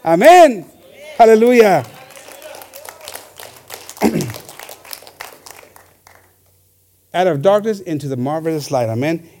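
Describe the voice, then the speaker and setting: Male pastor, bilingual sermon, slightly high voice, very lively delivery with shouted peaks. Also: very slow, pauses often, a faint crowd. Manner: animated, shifts between Spanish and English, shouts for emphasis.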